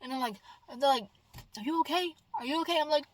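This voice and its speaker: A woman's voice: high-pitched, fast talker, no echo, low-quality recording. Rambling, exclamatory woman vlogger. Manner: rambling, emphatic, swings between loud exclamations and soft asides. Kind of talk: casual vlog monologue.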